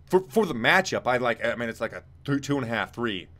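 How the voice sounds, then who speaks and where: A man's voice: medium pitch, very animated, quick pace, bright, forceful tone. A man co-hosting a fight preview show in casual chat, rambling and blunt, and he swears freely. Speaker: co-host rating fights.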